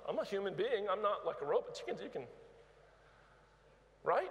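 A man's voice: high-pitched, big pitch swings, moderate pace, pauses often, fairly bright tone. A man preaching a sermon as a guest speaker in a large church, emphatic and prodding the congregation, often repeating words as he goes. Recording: reverberant big church hall.

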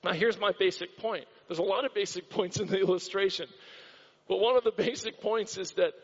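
A man preaching a sermon with impassioned repetition, recorded in a church hall. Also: high voice. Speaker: pastor. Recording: dull sound with long hall reverb.

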